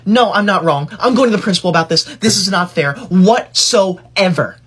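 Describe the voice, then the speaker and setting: In a comedy sketch, a man plays a bossy, self-righteous schoolkid, the teacher's pet who lectures others, whines, and is quick to threaten to tell the teacher. His exaggerated voice sits high, expressive, fairly bright, and husky, with a preachy mood throughout.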